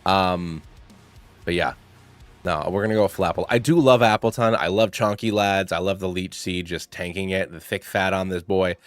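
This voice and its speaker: Young male host, lowish voice, playful rambling commentary, dry close mic. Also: steady tone, normal speed, no echo, faint music behind. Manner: rambling, playful, thinks aloud with fillers. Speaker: channel host. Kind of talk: casual gaming commentary.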